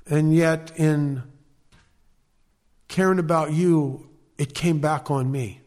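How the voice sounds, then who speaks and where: A fairly high-voiced man shares his recovery story, earnest and emphatic. He throws in wry, self-mocking humor along the way. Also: steady tone, takes it slowly, long pauses, a little mellow. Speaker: speaker sharing at a recovery meeting. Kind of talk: personal storytelling talk.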